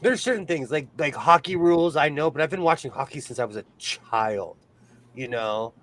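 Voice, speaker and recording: A man's voice: a little high, expressive, moderate pace, a bit bright. A man from California hosting a sewing livestream, chatting casually, laughing often and reading the chat aloud.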